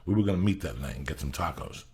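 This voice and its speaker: A middle-aged man hosting a podcast, telling stories loudly with lots of swearing. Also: deep voice, fast. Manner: loud, profane and animated. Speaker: podcast host. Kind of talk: casual storytelling.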